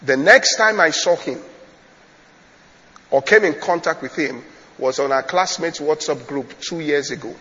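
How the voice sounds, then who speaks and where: High-voiced male pastor preaching in a hall. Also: measured pace, long pauses, pushed and bright, dull audio. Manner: storytelling preacher, repeats phrases, checks the congregation. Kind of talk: sermon.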